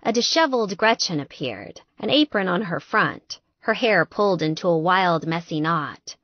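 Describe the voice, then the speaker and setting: A woman narrating an audiobook in a lively, expressive storytelling manner. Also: lowish voice, moderate pace, dry recording, lo-fi sound.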